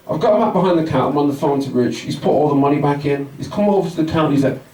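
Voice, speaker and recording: A man's voice: fairly high pitch, animated, very fast, few pauses, warm tone, echoey room, recorded from a distance, low-quality recording. A man with a West Midlands accent doing stand-up, telling a story with lots of swearing and acting out both sides of the dialogue, at a small pub comedy night. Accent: West Midlands English.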